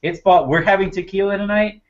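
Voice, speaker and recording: A man's voice: sits high, fairly quick, dull audio. A man in casual chat on a sports panel, joking, laughing often and spinning long comic comparisons.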